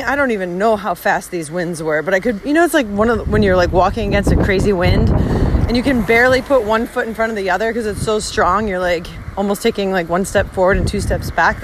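A woman's voice: mid-range voice, fairly quick. Emphatic woman talking outdoors in the wind. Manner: emphatic and heavily profane. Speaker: podcast host. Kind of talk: reflective monologue while walking. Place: outdoors on a road through a village. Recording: windy outdoor recording with background noise. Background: wind and outdoor ambience.

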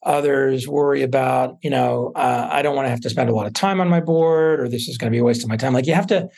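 A man, a venture investor, telling stories in a relaxed interview with many fillers and restarts. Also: mid-range voice, fast talker, vocal fry, husky. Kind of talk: casual interview talk.

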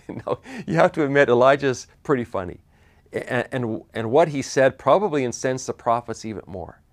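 A man preaching a sermon, retelling a Bible story with animated asides and frequent restarts. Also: mid-range voice, normal speed.

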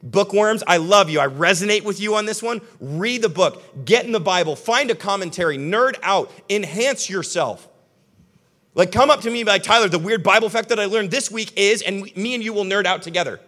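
A young man preaching a sermon as pastor, talking animatedly and conversationally, then dropping to soft, earnest tones. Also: high-pitched, fairly quick. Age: young adult.

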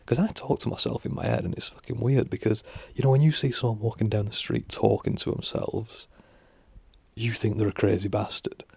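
A man muses aloud in a loose, rambling monologue, circling back on himself and dropping the odd swear word. His voice is deeply gravelly and husky. It sits a little low, and the recording is dry and close. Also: fairly even intonation, a little fast, a little mellow, dry recording. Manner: musing, full of fillers and restarts, swears casually. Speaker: vlogger.

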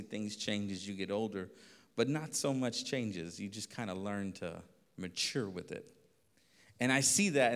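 Animated man preaching in a reverberant hall. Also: on the low side, clear, resonant tone. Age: adult. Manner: animated, acts out voices, laughs often. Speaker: pastor. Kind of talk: storytelling sermon.

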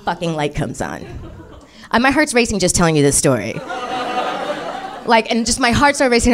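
A woman telling a comic ghost story to an audience, animated and profane, often laughing as she talks. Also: fairly high pitch, brisk.

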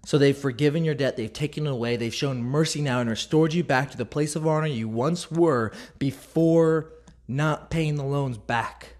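A man's voice: on the high side, normal speed, darkish tone. A man speaking candidly and reflectively as a Christian speaker, telling a personal faith story and acting out the dialogue he quotes. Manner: reflective, openly vulnerable.

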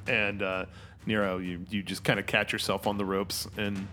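A man's voice: fairly low pitch, little pitch movement, normal speed, bright, forceful tone, soft background music. A man running a tabletop role-playing game, describing scenes with many fillers and restarts. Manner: rambling, filler-heavy narration. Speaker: game master.

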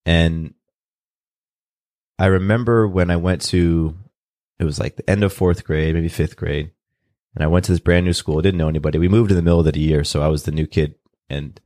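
Deep-voiced man, earnest and reflective. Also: fairly even intonation, a little mellow, dry recording, clean studio sound. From California, USA. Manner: open, earnest, unhurried with restarts. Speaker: guest. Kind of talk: reflective personal storytelling.

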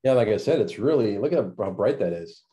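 Relaxed male co-host, low and warm, brief easygoing interjections. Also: brisk. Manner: laid-back, short interjections. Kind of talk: casual tasting chat.

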